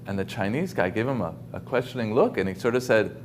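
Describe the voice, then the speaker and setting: Low-voiced man giving a casual talk. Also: lively intonation, fast, slight background noise. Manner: conversational, many ums and restarts. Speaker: guest speaker. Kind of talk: informal lecture. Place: home, video call. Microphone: video call.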